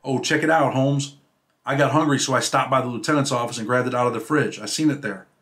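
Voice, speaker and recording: A man's voice: medium pitch, quick pace, fairly bright tone, a little hiss or hum, close to an everyday voice. A man doing a playful young convict. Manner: loose, slangy, amused.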